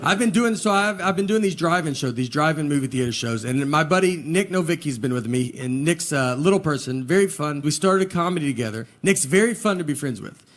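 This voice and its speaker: A man doing a stand-up comedy set, telling stories in a dry, deadpan way before a laughing crowd. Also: fairly high pitch, fairly quick, few pauses. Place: live venue with audience laughter. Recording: noisy live show recording.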